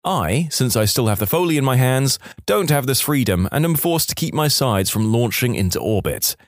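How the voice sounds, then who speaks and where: A man narrating online stories aloud with wry, expressive storytelling. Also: mid-range voice, normal speed, no echo, studio quality.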